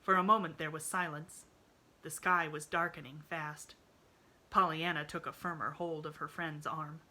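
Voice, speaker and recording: A woman pastor hosting a story hour, reading a children's classic aloud with expressive narration. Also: low-pitched, moderate pace.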